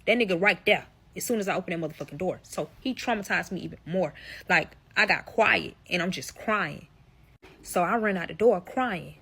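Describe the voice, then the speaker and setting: A woman's voice: mid-range voice, bright, forceful tone, husky. A young woman telling a personal story to her viewers in a casual vlog, blunt, profane and emphatic, talking straight to the audience.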